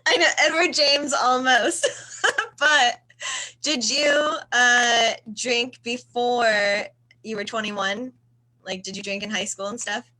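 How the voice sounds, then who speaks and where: A woman hosting a casual video-call chat, laughing often and answering with quick short replies. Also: on the high side, steady tone, bright, forceful tone. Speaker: host.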